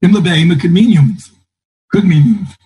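A man's voice: high voice, fast, warm tone, a little hiss or hum, rough recording. A man teaching a Talmud class, thinking aloud and quoting texts in a lilting singsong. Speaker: Torah teacher.

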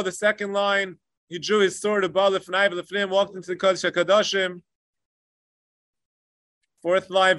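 High-voiced man giving a passionate Torah lecture. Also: no echo, studio quality. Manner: passionate, rising to emphatic peaks and dropping to hushed asides; mixes Hebrew and Yiddish-flavored learning terms into English. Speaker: rabbi. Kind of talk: Torah lecture on the Tisha B'Av kinos.

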